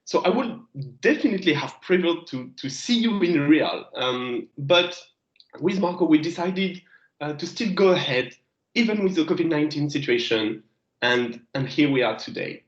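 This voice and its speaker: A French man in his thirties, a guest geologist giving a remote lecture to students, speaking English with a French accent, halting and restarting as he searches for words. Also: fairly high pitch, animated. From France. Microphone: video call. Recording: echoey, lo-fi video call audio.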